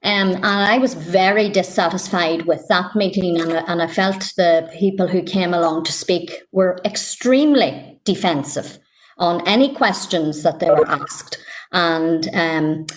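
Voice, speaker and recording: A Northern Irish woman on a council committee, with a fairly low voice. She sounds frustrated and presses her points emphatically, though her speech stops and starts on fillers. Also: measured pace, a little hiss or hum. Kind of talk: council meeting debate.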